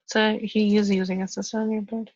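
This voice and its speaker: A woman's voice: mid-range voice, little pitch movement, a little fast, darkish tone, dry recording, dull audio. A woman in a casual work meeting on a video call, matter-of-fact as she reads out settings and explains issues. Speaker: software engineer in triage meeting.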